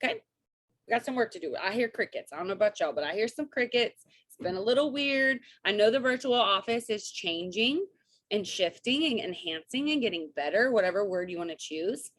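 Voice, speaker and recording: A woman, coaching her sales team on a video call in an energetic, chatty way and often checking in with "right?" and "okay?". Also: mid-range voice, brisk. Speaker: network marketing coach.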